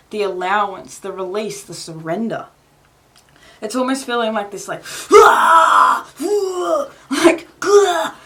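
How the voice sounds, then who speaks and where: A woman from Australia giving a casual tarot reading, rambling and swearing freely with frequent laughs and filler words. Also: mid-range voice. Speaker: tarot reader.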